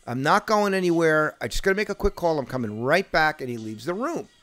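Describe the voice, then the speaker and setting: A man's voice: on the high side, animated, brisk, a bit bright. A man in his fifties telling profane, boisterous sales stories in a casual podcast chat. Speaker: podcast host.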